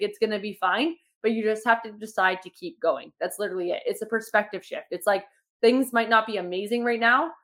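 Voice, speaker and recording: A woman's voice: medium pitch, fairly bright tone. A young woman coaching her fitness clients in casual podcast talk, upbeat and encouraging, with many fillers. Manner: chatty, says "like" a lot.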